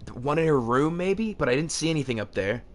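A young man commenting on a horror game as he plays, nervous and talkative, swearing now and then and shouting when something scares him. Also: fairly high pitch, animated, a little fast. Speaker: gaming video host.

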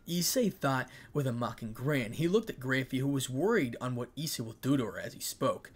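A man reading a fan story aloud in a plain, even way, with small slips. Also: medium pitch, fairly quick, hardly any pauses.

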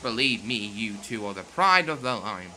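A man plays a cheerful young engine who talks with boastful confidence and kindness in a storybook telling. His voice rises and falls with lively swings. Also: on the low side, moderate pace, slight background noise, full character voice. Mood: reassuring. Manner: reassuring, boastful. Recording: loud music under the voice.

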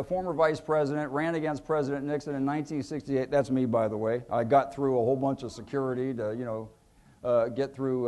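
A middle-aged man, an author giving a book talk, telling humorous anecdotes with many fillers and acted-out quotes. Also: mid-range voice. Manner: lively storyteller, acts out quotes, many fillers.

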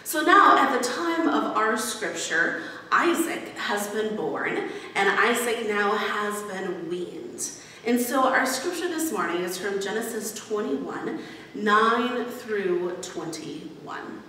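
A woman pastor giving a conversational sermon, pausing often with fillers. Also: medium pitch, expressive, bright, forceful tone, slight background noise. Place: church sanctuary. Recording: echoey hall, far from mic.

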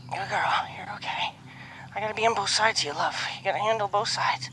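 A horse trainer speaking outdoors, softly reassuring a nervous horse over and over and now and then explaining her training to the camera. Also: mid-range voice, fast, slight background noise. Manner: soft, reassuring repetition to a horse.

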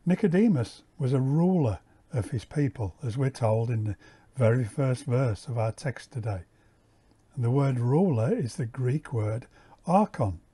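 A man giving a measured Bible teaching, repeating key words and explaining the original Greek. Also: medium pitch, dark tone, slightly rough. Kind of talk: slow, deliberate Bible teaching.

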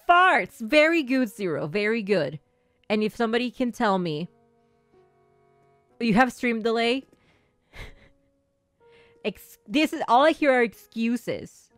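A woman's voice: on the high side, lively intonation, slow pace, long pauses, no echo, faint music behind. Playful woman streamer teasing her chat. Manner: playful, teasing, laughs often. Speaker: gaming streamer. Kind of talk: livestream chat, playing a strict teacher to viewers.

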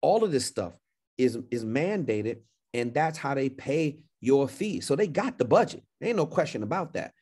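A man's voice: mid-range voice, very animated, moderate pace, a little mellow. Emphatic male business coach. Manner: confident, emphatic, repeats phrases. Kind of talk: livestream coaching Q&A.

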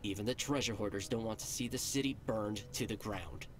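An actor voicing a blunt, practical gang go-between in a video game. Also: male voice, on the low side, brisk, lightly acted. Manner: blunt, dismissive. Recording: game audio with music.

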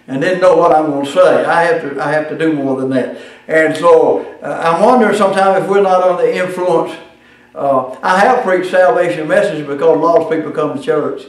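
A man lecturing on preaching in a folksy, halting way, stumbling through fillers and restarts. His voice sits somewhat high and is picked up from a distance. The room rings with heavy echo. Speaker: preaching class teacher.

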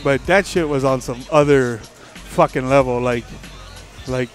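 A man hosting a livestream, telling a story in a profane, animated way, with faint music behind. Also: mid-range voice, unhurried. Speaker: livestream host. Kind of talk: casual storytelling on stream.

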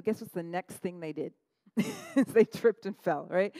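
Animated woman pastor preaching. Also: fairly quick, dry recording, low-quality recording. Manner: animated, laughing asides, acts out quotes in a higher voice. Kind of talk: sermon.

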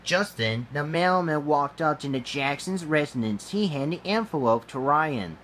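A man reading a homemade storybook aloud, slow and halting, with grammar slips. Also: fairly high pitch, lively intonation, a bit bright, slight background noise.

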